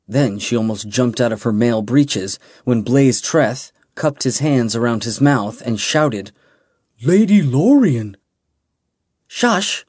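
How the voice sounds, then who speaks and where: A man reading a fantasy audiobook in a measured, dramatic way. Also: medium pitch, darkish tone, no echo, studio quality. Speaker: audiobook narrator. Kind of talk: scripted fantasy narration.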